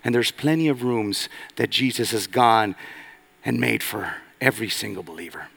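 A man pastor preaching a sermon, swinging between loud emphatic lines and hushed, low passages. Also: normal speed, vocal fry. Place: church sanctuary.

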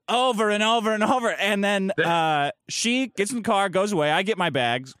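A man's voice: high-pitched, normal speed, few pauses, pushed and bright, smooth, no room sound. A man telling a profane, mocking story as a podcast guest, close to the mic.

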